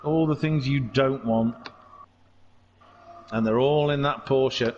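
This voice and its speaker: A man giving casual, jokey commentary on an online car race, chatty and excitable. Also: medium pitch, slow pace, long pauses, dull audio. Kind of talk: casual sim racing commentary.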